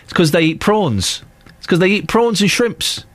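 A man's voice: high voice, animated, moderate pace, a bit bright, no echo. A man in his thirties presenting a radio show, telling stories in a jokey casual way and acting out the quotes. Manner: jokey storytelling with acted-out quotes.

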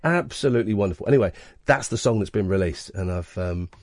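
Man, radio host, rambling and jokey, lively swooping pitch, dry close sound. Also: fast talker, no echo. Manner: rambling, jokey, self-interrupting. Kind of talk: late-night radio chat.

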